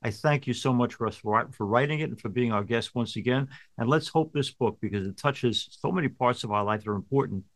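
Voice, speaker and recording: A man's voice: medium pitch, brisk, few pauses, no room sound. A man hosting a talk show, gracious and easy to laugh as he thanks his guest. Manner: warm, gracious, laughs easily. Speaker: host, priest.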